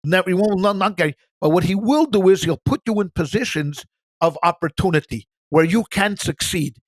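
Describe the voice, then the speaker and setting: A man's voice: high-pitched, fairly quick, no echo, studio quality. A man, a rabbi, talking animatedly in a casual Bible discussion and often repeating words as he searches for the next one.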